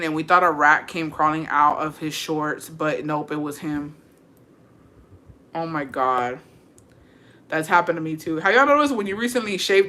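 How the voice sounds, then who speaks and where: A woman's voice: on the low side, pushed and bright. A woman telling crude stories in casual chat, laughing often and swearing freely, slipping Spanish words into her English. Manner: crude, profane, laughing storytelling. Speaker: content creator reading viewer stories.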